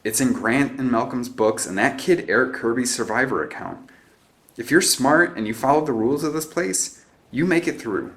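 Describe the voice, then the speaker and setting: A man's voice: medium pitch, moderate pace, a bit bright, pitched above the performer's own voice, natural voice. A man reading the part of an eighteen-year-old boy who leads his team, giving orders in a cool, self-assured way.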